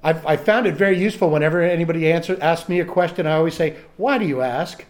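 Halting and self-deprecating, this middle-aged man opens up in a recovery group, often starting his sentences over. He speaks a little high with a steady tone.

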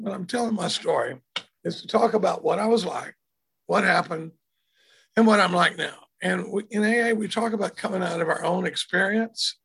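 Hoarse older man, gravelly. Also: high-pitched, a bit bright. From Dallas, Texas. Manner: rambling, self-deprecating, repeats words. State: hoarse from throat trouble. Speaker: speaker telling his recovery story. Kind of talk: casual storytelling talk. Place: home, indoors.

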